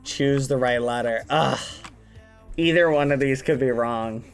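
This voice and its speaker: A streamer in casual live-stream gaming chat, talking straight to viewers and swinging from groans to high shrieks. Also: measured pace, smooth, soft background music.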